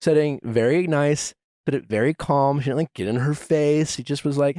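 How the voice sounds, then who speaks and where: A man's voice: fairly high pitch, normal speed, warm tone, dry recording, studio quality. A man hosting a podcast, chatting casually and rambling with lots of fillers and restarts. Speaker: podcast host. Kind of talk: casual chat.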